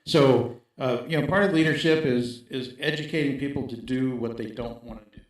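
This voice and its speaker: A man's voice: mid-range voice, brisk. A man speaking in a casual interview as a guest, making his points emphatically and checking in with "right?". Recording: very echoey room.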